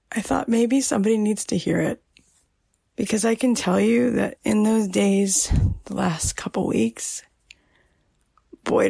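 Brief: middle-aged woman podcast host, tender half-whispered delivery, very husky tone. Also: medium pitch, no echo. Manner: slow, soft, half-whispered and tearful. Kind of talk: personal story to listeners.

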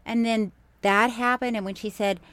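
Animated woman telling a story. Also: on the high side, moderate pace, clear, resonant tone. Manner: animated storyteller, loud laughs. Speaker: podcast co-host. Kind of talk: casual chat.

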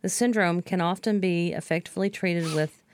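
Low-voiced woman reading notes. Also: moderate pace, smooth. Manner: reads notes plainly, brief replies. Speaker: podcast co-host. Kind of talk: reading topics aloud in casual chat.

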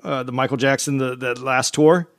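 A man co-hosting a podcast in casual chat, earnest and halting, often repeating words as he gets serious. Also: mid-range voice, steady tone, no echo. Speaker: podcast co-host.

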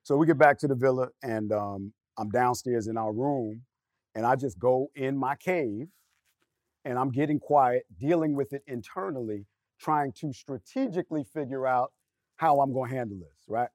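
A man's voice: medium pitch, moderate pace, no room sound, studio quality. Candid man telling a personal story. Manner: candid, animated storyteller acting out quotes. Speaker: panel guest. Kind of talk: storytelling in a panel discussion.

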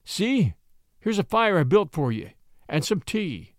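A man's voice: high-pitched, big pitch swings, unhurried, dry recording, studio quality. A man voicing a kindly, emotional camp cook who speaks in a soothing brogue. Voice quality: soothing brogue, wailing when upset.

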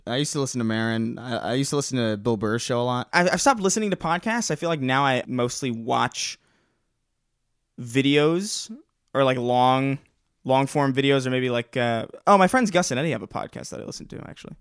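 A man co-hosting a casual podcast, talking quickly and often restarting his words. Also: medium pitch, lively intonation, clean tone, dry recording, studio quality. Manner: quick, hesitant, repeats words. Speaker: podcast co-host.

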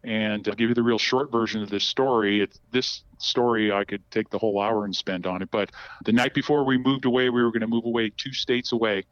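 A man's voice: lowish voice, steady tone, a little fast, a bit bright, no echo. A middle-aged man telling long personal stories as a podcast guest, rambling with many restarts. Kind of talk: casual storytelling. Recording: dull, dry, lo-fi sound.

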